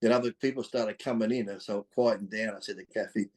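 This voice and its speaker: A middle-aged man with an Australian accent tells candid stories on a podcast. He is blunt and fired-up, swears freely, and laughs between his points. His voice has a mellow, warm color at a middle pitch. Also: fast talker, hardly any pauses. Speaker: podcast guest, former pro bodybuilder. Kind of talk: candid storytelling in conversation.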